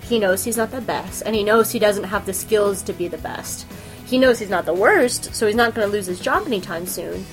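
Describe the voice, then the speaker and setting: A woman podcast host chatting in a casual, animated way, giggling and swearing as she gushes about her favorite shows. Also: medium pitch. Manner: animated, giggly, profane fangirl gushing. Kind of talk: casual chat.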